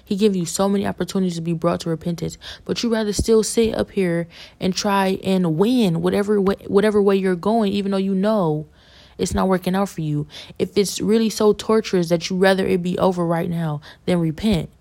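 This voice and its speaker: A woman's voice: medium pitch, fairly even intonation, brisk, creaky, dark tone. A woman giving a fervent, preachy religious testimony as a podcast guest, repeating herself as she urges listeners.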